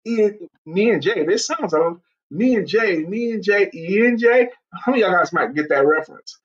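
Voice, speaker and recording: A man hosts a live online show in a casual, chatty way, reading comments aloud and retelling stories with animated impressions. His voice sits fairly high. The sound is dull and lo-fi. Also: moderate pace. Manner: animated storytelling, bursts into loud impressions.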